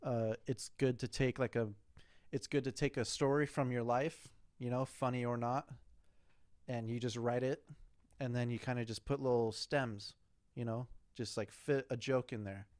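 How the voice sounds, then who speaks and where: A man's voice: medium pitch, fairly even intonation, moderate pace, darkish tone, no room sound, studio quality. A young man hosting his own show, answering listener questions in a loose, rambling casual chat with plenty of fillers and swearing.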